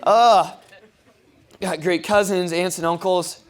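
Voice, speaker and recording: A man's voice: fairly high pitch, fairly even intonation, normal speed. Young man giving a rambling wedding toast. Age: young adult. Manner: rambling with many ums, fighting back tears. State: tearful, choked up. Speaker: groom giving a wedding speech. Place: wedding reception.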